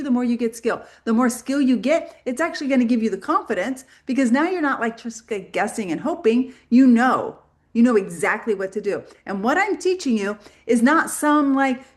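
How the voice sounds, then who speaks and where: A middle-aged woman teaching a live online sales training, chatty and animated, acting out quoted dialogue in her stories. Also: on the high side. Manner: chatty, many "like" fillers.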